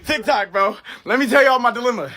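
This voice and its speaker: A man's voice: extremely high pitch, brisk, bright, forceful tone. A young man ranting furiously to camera, cursing and close to tears. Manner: furious, cursing, near-crying rant. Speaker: TikTok creator. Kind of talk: comedic rant to camera.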